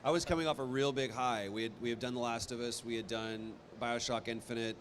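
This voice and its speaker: A man in his thirties, a voice actor speaking on a convention stage, animated and self-deprecating, with frequent restarts. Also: mid-range voice, a little fast, slight background noise. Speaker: voice actor guest on a convention panel. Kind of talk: live panel storytelling.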